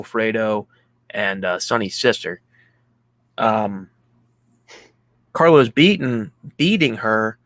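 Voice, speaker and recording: A man's voice: mid-range voice, a bit bright, dry recording. A young man co-hosting a casual movie podcast, retelling the plot in a rambling way, full of "like" and acted-out quotes. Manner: rambling, heavy use of "like", acts out quotes. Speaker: podcast co-host. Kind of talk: casual movie recap chat.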